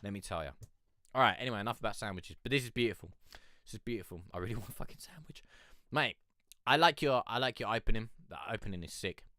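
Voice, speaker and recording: A man's voice: lowish voice, animated, fast talker, pushed and bright, no room sound, clean studio sound. A man with a cold, hosting a casual music review chat, rambling and swearing freely. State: has a cold.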